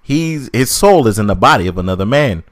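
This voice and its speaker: Casting: male podcast co-host, mid-pitched voice, animated, profane ranting in casual chat. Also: fairly quick. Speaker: podcast co-host reviewing a film.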